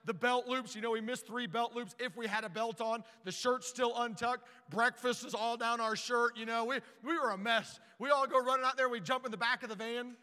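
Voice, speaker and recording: A man preaching a storytelling sermon, animated and stumbling over repeated words as he starts sentences. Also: extremely high pitch, fairly quick, hardly any pauses, clear, resonant tone, long reverb tail.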